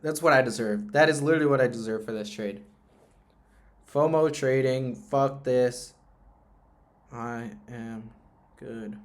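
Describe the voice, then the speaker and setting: A young man talking to himself during a live trading stream, rambling and swearing, often sinking to a low mutter. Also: unhurried, pauses often. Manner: rambling, profane, emotional self-talk. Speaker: trading livestreamer. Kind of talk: casual live-stream monologue.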